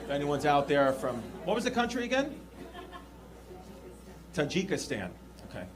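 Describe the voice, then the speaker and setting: Doing crowd work on stage in a large comedy club, a male stand-up speaks at normal speed in a highish voice with big pitch swings, brashly and profanely mocking hecklers. The live recording picks up crowd noise and the audience laughing.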